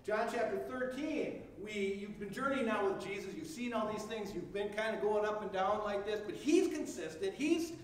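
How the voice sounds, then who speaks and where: A man's voice: high-pitched, normal speed, few pauses, recorded from a distance. A male pastor delivering a sermon, telling the story in vivid second person in a conversational way. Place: church sanctuary. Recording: echoey church heard from afar, faint noise.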